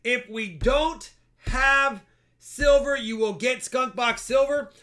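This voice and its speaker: Male live-stream host, very high and bright-voiced, chatty and jokey. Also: slow. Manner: chatty and joking, thanks donors. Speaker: livestream host. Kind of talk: casual live-stream chat.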